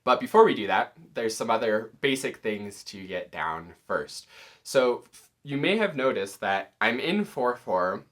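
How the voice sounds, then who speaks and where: A man with a somewhat low voice that still sounds bright and forward gives a casual music tutorial. He explains things patiently and plainly, step by step. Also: a little slow. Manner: relaxed, explanatory, occasionally counting beats aloud. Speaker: music teacher.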